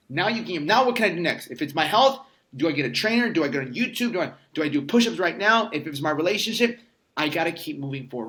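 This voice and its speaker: A man's voice: fairly high pitch, fairly bright tone. Emphatic, swearing man in his thirties. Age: 30s. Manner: emphatic, profane storyteller. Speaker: podcast guest. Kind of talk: casual conversation.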